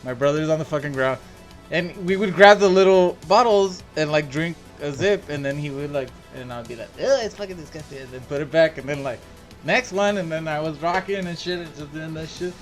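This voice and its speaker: A man's voice: on the high side, brisk, soft background music. A man co-hosting a casual podcast, telling crude stories with lots of swearing and laughter. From El Paso, Texas. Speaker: podcast co-host. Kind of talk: casual chat, crude storytelling.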